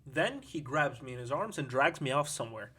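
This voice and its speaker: A man's voice: medium pitch, expressive, fairly quick, sharp tone, slightly rough. A man reading an audiobook, voicing a brash, drunken woman who rambles boisterously through her sordid story.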